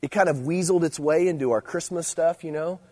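A middle-aged man preaching to teenagers, swinging between loud emphasis and quiet asides. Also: a little high, brisk. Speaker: youth speaker. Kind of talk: sermon.

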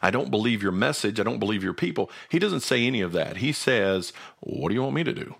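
A man with a fairly low voice leads a Bible study in an easygoing, conversational way. He explains each verse earnestly, thinking aloud as he builds his point. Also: expressive, fast, vocal fry, breathy edge. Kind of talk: conversational scripture teaching.

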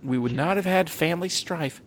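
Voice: medium pitch, fairly quick, slightly rough. A middle-aged podcast co-host ranting in a casual chat, swearing freely and talking with lots of energy. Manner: profane animated ranting.

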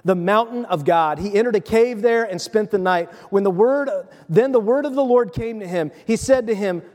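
A male pastor preaching a sermon, telling the story with animated voices and dropping to a soft hush at times. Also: sits high, normal speed, big-room sound.

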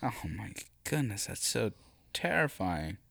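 A man's voice: fairly low pitch, big pitch swings, a little slow, creaky, a bit bright, no room sound, clean studio sound. A man interviewing a guest in a comedy bit, hesitant and fumbling, with fussy exclamations.

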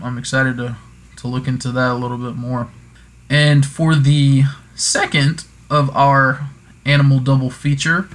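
A man at an average pitch talks casually through folklore. He wanders off into little jokey asides and corrects himself along the way. His tone stays loose and conversational. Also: fairly bright tone. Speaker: podcast host.

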